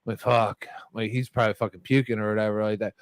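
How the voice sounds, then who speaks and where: A man's voice: fairly low pitch, level tone, quick pace, dry recording. A man telling a rambling, profane story to friends, laughing his way through it. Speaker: storyteller in a group chat. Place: bar or podcast table with friends.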